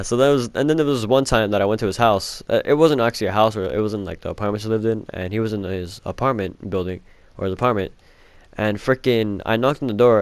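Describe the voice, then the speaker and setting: A man's voice: fairly low pitch, smooth, dry recording. A young man telling a rambling personal story in a casual vlog, swearing often and filling with "like". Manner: rambling, heavy swearing, many "like" fillers. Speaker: vlogger.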